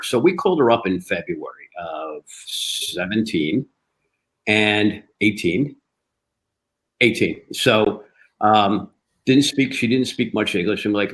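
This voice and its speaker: A man telling a story in a casual interview, lively, acting out the dialogue he quotes. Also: fairly low pitch, normal speed, poor audio. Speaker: cigar company guest. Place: live online show.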